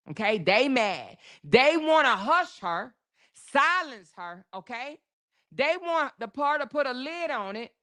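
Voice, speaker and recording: A woman's voice: fairly high pitch, fairly bright tone. Female host, casual drama commentary; AAVE, emphatic, profane, playful mimicry. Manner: sassy, emphatic, profane, acts out quotes.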